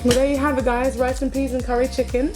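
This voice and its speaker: A woman with an English accent, the guest cook in a casual cooking chat, easygoing and quick to giggle. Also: sits high, little pitch movement. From England. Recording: music playing underneath.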